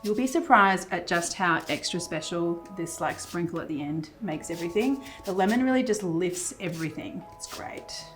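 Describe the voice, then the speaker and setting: A woman's voice: on the low side, moderate pace, hardly any pauses, faint music behind. A woman hosting a cooking show, chatting casually through a recipe as she cooks in a kitchen. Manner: chatty, relaxed, with fillers. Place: home kitchen.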